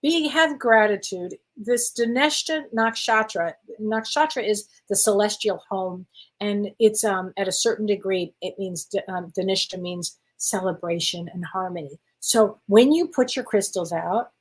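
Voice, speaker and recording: An older woman who works as a spiritual medium chats casually in a live Q&A, reading viewers' questions aloud and answering them while laughing often. Her voice is medium-pitched and a little slow, and the recording is rough.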